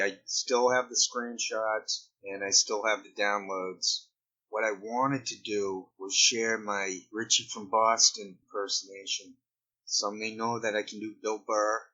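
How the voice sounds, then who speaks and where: A man's voice: medium pitch, bright, forceful tone, highs cut off. A man vlogging in an improvised, rambling way full of digressions and wry asides. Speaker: video blogger. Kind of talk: improvised commentary vlog.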